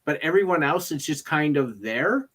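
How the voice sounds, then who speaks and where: Casting note man, a bit higher-pitched, wry panelist weighing in on a film in a casual chat. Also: animated, normal speed, fairly bright tone, slightly rough. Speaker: movie review panelist.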